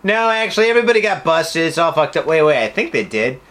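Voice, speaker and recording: A man's voice: fairly high pitch, very animated, fast talker, fairly bright tone. A man co-hosting a podcast in Japan, chatting crudely with lots of "dude" and swearing. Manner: swearing, laughing, says "dude" a lot. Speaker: podcast co-host. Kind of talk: crude casual chat.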